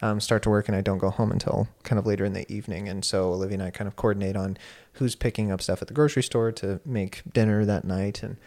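A young man who teaches at a university, telling a personal story in casual conversation, animated and full of fillers. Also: on the low side, fast. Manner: animated, many fillers, laughs while telling. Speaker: university instructor and guest.

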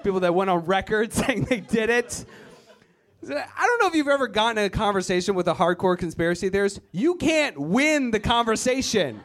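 Animated high-voiced male stand-up comic. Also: a little fast. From Virginia, USA. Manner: animated, mocking voices of the people he describes. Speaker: stand-up comedian. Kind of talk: stand-up comedy set. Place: comedy club stage before a live audience.

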